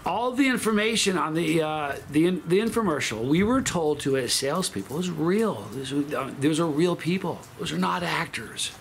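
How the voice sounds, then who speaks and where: Emphatic, rambling man, slightly high voice. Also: animated, moderate pace, gravelly, hardly any pauses, slight background noise. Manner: emphatic, rambling, with frequent restarts and self-corrections. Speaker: channel host. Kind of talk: casual storytelling monologue.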